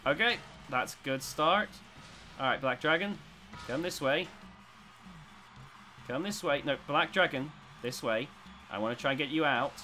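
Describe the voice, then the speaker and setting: A man giving excitable commentary as he plays a robot combat video game, swinging between tense muttering and loud cheering. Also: on the high side, a little slow, pauses often, faint music behind. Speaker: gaming YouTuber.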